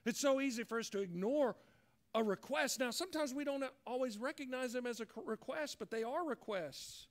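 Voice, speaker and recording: High-voiced man preaching a sermon. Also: a little fast. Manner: earnest, acts out quoted voices. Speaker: pastor.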